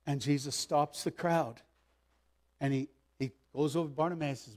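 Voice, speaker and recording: A man preaching a sermon as pastor, emphatic, swinging between loud pleas and hushed asides. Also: a little high, lively intonation, normal speed.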